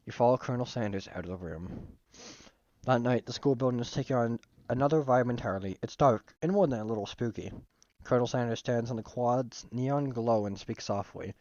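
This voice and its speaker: A man streams a casual game playthrough, reading the on-screen text aloud in a mid-pitched voice and breaking off to joke and swear. The sound is dull and lo-fi, dry with no room around it. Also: brisk, darkish tone, no room sound. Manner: joking, laughing and swearing at the game.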